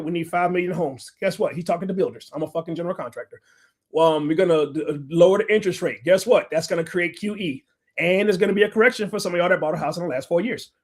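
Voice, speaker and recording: A man in his forties from the United States, ranting bluntly and profanely in heated livestream commentary. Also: high-pitched. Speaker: livestream host, general contractor.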